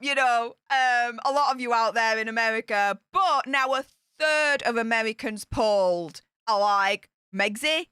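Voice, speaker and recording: A British woman giving scornful live-stream commentary in an excitable voice that swings between shrieks and mutters. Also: on the high side, unhurried, clean tone, no echo, studio quality. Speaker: royal news commentator.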